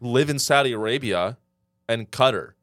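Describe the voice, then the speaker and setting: A man's voice: mid-range voice, moderate pace, a bit bright, dry recording, studio quality. A man co-hosting a podcast, riffing in casual comedic banter with mock infomercial bits. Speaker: podcast co-host.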